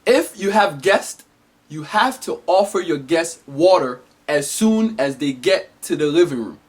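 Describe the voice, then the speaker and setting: A man delivering an animated, emphatic comedic monologue as a vlogger. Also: on the high side.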